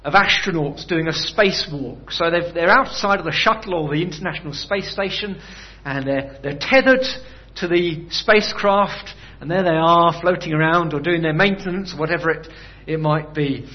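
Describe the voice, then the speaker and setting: A man delivers a sermon in an easy, conversational manner, tossing rhetorical questions to his listeners. His voice sits a little high for a man. The recording is dull and lo-fi. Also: normal speed. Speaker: preacher.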